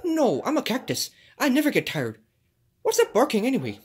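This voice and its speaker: A woman's voice: fairly high pitch, wildly swooping pitch, darkish tone, breathy edge, full character voice. Woman doing a cheery Mexican-accented cactus guy. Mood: friendly. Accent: put-on Spanish accent. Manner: sprinkles Spanish words, drawn-out "oh, see". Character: cheerful male Mexican cactus, friendly and easygoing. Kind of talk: home toy play-acting.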